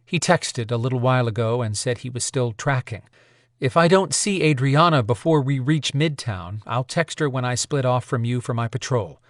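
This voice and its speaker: A man's voice: mid-range voice, moderate pace, no room sound, clean studio sound, lightly acted. A man reading an audiobook voices a determined woman supernatural warrior, blunt and impatient. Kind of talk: audiobook character voice.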